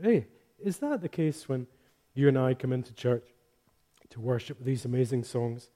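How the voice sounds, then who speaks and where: Male pastor, mellow tone, slightly high voice, chatty and joking, reads scripture with emphasis. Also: moderate pace. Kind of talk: sermon.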